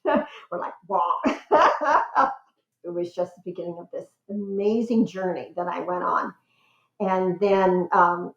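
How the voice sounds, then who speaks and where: Enthusiastic older woman in a roomy recording. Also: on the low side. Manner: enthusiastic, squeals with excitement when telling stories. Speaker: guest relations expert. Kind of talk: conversational interview. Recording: roomy, slightly dull sound.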